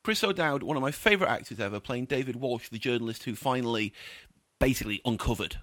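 A man's voice: mid-range voice, animated, quick pace, a bit bright, no echo. A man working as a film critic, giving a scathing, opinionated review in casual chat.

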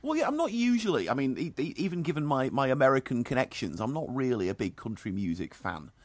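A man's voice: medium pitch, quick pace, no echo. Dry sarcastic kiwi guy reviewing films, voice bounces all over, close dry mic. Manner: dry, sardonic, animated. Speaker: film and music reviewer. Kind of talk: casual radio chat.

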